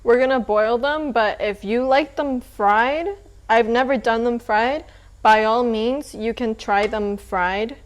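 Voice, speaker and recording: A young woman hosting a casual home cooking tutorial, chatting in a relaxed way while she cooks and eats. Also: fairly high pitch, slow. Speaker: cooking channel host.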